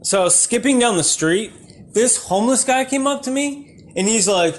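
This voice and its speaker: Man, stand-up comedian, deadpan and rambling, high voice, sudden shouts. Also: moderate pace. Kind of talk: absurdist stand-up bits.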